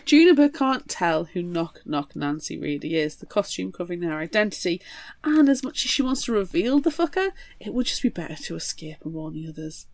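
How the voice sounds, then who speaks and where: A woman co-hosting a book podcast, retelling a horror novel in a lively, swearing, dramatic way. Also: lowish voice, brisk, no room sound. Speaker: podcast co-host. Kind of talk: casual book recap chat.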